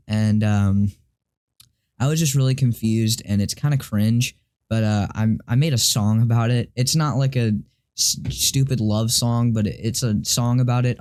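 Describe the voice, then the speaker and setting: Rambling teenage boy with a mellow voice. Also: medium pitch. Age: teens. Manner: rambling, halting, with many restarts and fillers; confused and frustrated, swears casually. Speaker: vlogger. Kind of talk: casual storytelling to camera.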